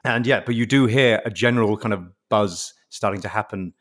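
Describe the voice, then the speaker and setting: A man running a tabletop game as game master, narrating in a relaxed, hesitant way. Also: on the low side, a little fast.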